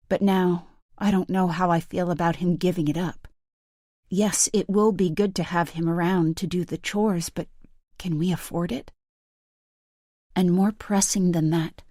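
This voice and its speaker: Slow, measured woman narrating a thriller. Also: on the low side, darkish tone, dry recording, studio quality. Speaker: audiobook narrator. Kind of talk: first-person thriller narration.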